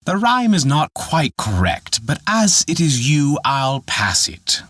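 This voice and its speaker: A man's voice: on the high side, big pitch swings, takes it slowly, fairly bright tone, dry recording, pitched above the performer's own voice, exaggerated voice. A man voicing a tiny old forest dwarf made of glass who lectures and scolds in an exasperated way. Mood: earnest.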